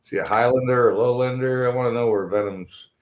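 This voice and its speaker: A Canadian man hosting a podcast, high and rambling in casual, profane chat with frequent laughs. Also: steady tone, fast, muffled recording.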